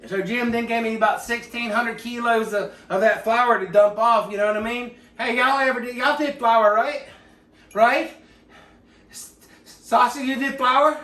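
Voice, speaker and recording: A man telling a rambling, profane mock biography in a deadpan, mock-serious way. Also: very high voice, a little slow. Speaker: comedic storyteller. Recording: echoey room, mic far off.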